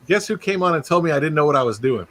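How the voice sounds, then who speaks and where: A man's voice: a little high, very fast. A man hosting a casual live-stream chat, telling stories animatedly and laughing as he talks. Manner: animated storyteller, laughs while talking. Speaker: host.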